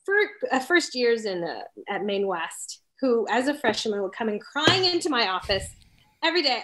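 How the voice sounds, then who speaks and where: A woman's voice: on the high side, big pitch swings, moderate pace, fairly bright tone. A woman in her forties from Texas, an orchestra conductor and teacher, telling stories in a casual interview and acting out the voices she quotes.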